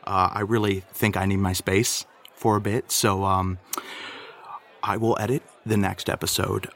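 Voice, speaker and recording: A man leaving a rambling, comedic voice message for a podcast, flustered and jumping into a higher voice when he gets worked up. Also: little pitch movement, unhurried, fairly bright tone.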